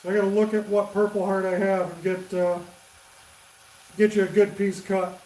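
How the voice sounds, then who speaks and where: Speaking at normal speed, a high-pitched man woodturns during a livestream in his lathe workshop, keeping up relaxed shop talk with the live chat. He greets viewers by name and reads their comments aloud, picked up by a camera beside the lathe in an echoey, roomy space.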